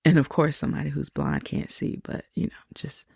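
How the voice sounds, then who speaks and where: A woman podcast host telling a personal faith testimony, slow and reflective, with soft laughs between thoughts. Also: low voice, steady tone, gravelly, breathy edge, dry recording, whispered, studio quality.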